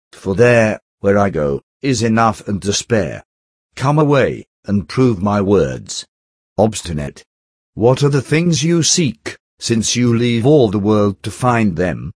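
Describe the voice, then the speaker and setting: A man reading an old-fashioned allegory aloud as narrator, in a measured manner and close on a dry recording. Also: on the low side, a little mellow, dry recording. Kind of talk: scripted narration.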